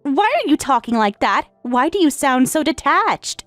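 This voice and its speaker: A woman voicing an entitled young daughter who is about to marry, speaking in a shrill, indignant way. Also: sing-song, moderate pace, fairly bright tone, no echo, soft background music.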